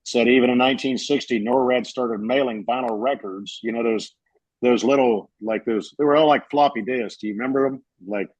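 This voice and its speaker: A man's voice: mid-range voice, a little fast, a little mellow, no room sound, rough recording. A man on a podcast telling a story in casual chat, rambling with fillers and restarts.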